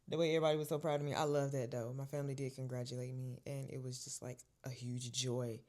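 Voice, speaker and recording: Expressive young woman telling a story. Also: extremely low pitch, fast talker, hardly any pauses. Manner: expressive, swings from hushed whispers to loud bursts. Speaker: vlogger. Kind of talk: casual storytelling vlog.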